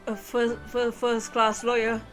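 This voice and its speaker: A woman's voice: a little high, completely flat delivery, unhurried, a bit bright, faint music behind, pitched below the performer's own voice. A woman voicing an earnest, flustered young male lawyer who speaks hesitantly. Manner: hesitant and unsure.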